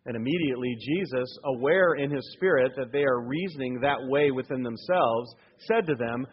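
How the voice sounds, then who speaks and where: A male pastor preaching a sermon in a church, emphatic, moving between loud urging and low, hushed points. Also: moderate pace, hardly any pauses, husky, dull audio. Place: church sanctuary.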